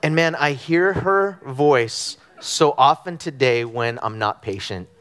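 A middle-aged man from Southern California preaching a conversational sermon, telling animated stories with frequent ums and restarts. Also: medium pitch, slow pace. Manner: animated storytelling with frequent fillers. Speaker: pastor. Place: church sanctuary.

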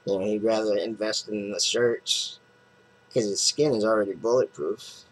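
A man's voice: lowish voice, fairly even intonation, moderate pace, poor audio. A man casually recapping a comic book plot, rambling with lots of fillers and restarts.

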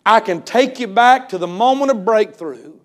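A man delivers a revival sermon in a church, his voice riding very high. He swings from ringing shouts to near-whispers and stretches key words for emphasis as he tells a story. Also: animated. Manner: impassioned, swings between shouting and hushed tones; storytelling, retells others' words with drawn-out emphasis. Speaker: preacher. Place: church service.

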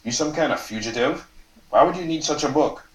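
A man's voice: fairly high pitch, lively intonation, fairly quick, voice pushed up, close to an everyday voice. A man reading as a sarcastic, prying American man. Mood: needling. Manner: needling, sarcastic questioning. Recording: roomy hall, mic from far off.

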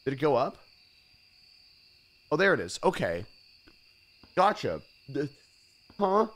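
A man's voice: a little high, very animated, slow, fairly bright tone. A man streaming a horror game, giving casual commentary with jittery, nervous exclamations.

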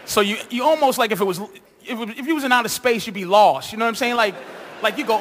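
A man performing crude, rambling stand-up on a live stage, his voice high and bright. He swings his pitch widely and shouts out the punchlines. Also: animated, fast talker, a little hiss or hum. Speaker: stand-up comedian. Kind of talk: stand-up comedy set.

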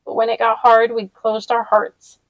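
A woman reading aloud, voicing a grave middle-aged woman who leads a town and speaks in a deep voice with a slight quiver. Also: monotone, normal speed, no room sound, muffled recording, natural voice. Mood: solemn.

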